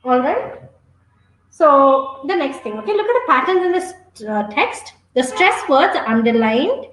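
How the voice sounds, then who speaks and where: A woman's voice: high-pitched, very animated, measured pace, fairly bright tone, reverberant, low-quality recording. A woman teaching an online exam-prep webinar, coaching students and checking in with a frequent "okay?".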